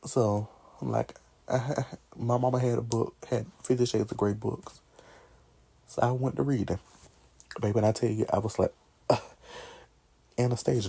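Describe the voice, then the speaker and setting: Young man vlogger, husky and dark-toned, animated, laughs, talks back at characters. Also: medium pitch, normal speed, long pauses. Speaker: vlogger ranking favorite movies. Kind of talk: casual chat.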